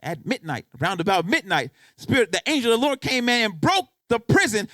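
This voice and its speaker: Picture a male pastor preaching in church, his voice sitting high and swinging widely up and down. He speaks conversationally to the congregation and keeps driving points home with emphatic repeated questions. The sound is dry and close, with little room echo. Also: sing-song, brisk, few pauses, pushed and bright. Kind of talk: sermon.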